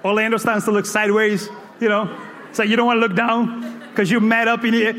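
High-voiced animated storytelling preacher. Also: male voice, a little fast. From Cape Verde. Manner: animated, playful, breaks into shouts and laughter. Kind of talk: comic storytelling sermon. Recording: echoey hall reverb.

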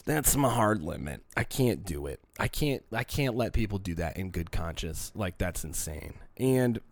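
A man's voice: on the low side, expressive, moderate pace, no echo. A young man hosting a solo podcast, sick with a cold, talking in a rambling, candid, profane and emotional way. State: sick with a cold, congested and coughing. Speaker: podcast host.

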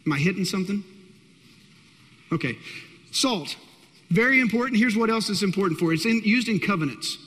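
A man's voice: sits high, fairly bright tone. A man preaching a sermon to a congregation, emphatic and direct, repeating key phrases to drive his point home. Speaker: pastor. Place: church hall. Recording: long reverb of a large hall.

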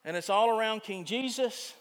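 A man preaching a sermon as pastor in a church, earnest, moving between loud emphasis and quiet confiding. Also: high voice, normal speed. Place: church sanctuary. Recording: long church reverb.

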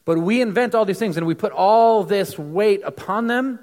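A man's voice: high voice, normal speed, darkish tone, in a large hall. A man from the United States giving a casual, conversational sermon with many fillers and restarts. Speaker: preacher.

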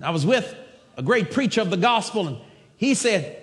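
Male preacher, American, high voice, wildly swinging pitch, shouting bursts, long hall reverb. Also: big pitch swings, normal speed. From United States. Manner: emphatic, bursts into shouts and laughter. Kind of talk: sermon.

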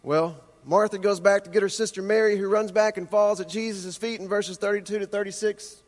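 A man preaching a sermon with impassioned rhetorical questions, slowing down for emphasis. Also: high voice, fairly even intonation, in a large hall. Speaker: pastor.

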